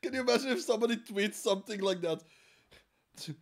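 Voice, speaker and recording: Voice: mid-range voice, big pitch swings, a little fast. A podcast co-host riffing crudely and swearing in casual comedy banter. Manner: crude, swears, riffs on the reading.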